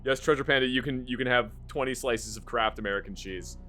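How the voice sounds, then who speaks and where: A man's voice: mid-range voice, a little fast, fairly bright tone. A man streaming live, rambling casually about a game he just finished, with lots of fillers and the odd curse.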